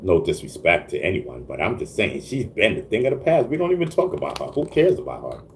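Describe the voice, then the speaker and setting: In a fairly low, very animated voice delivered briskly over a little hiss or hum, a livestream host chats casually with his viewers. He restarts sentences with a stammer, laughs often and repeatedly asks "you know what I mean."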